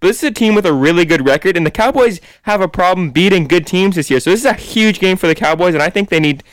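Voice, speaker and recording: High-voiced man, opinionated. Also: expressive, fast, smooth, dry recording. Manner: confident, opinionated, talks in long runs. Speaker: co-host making sports picks. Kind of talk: casual sports podcast chat.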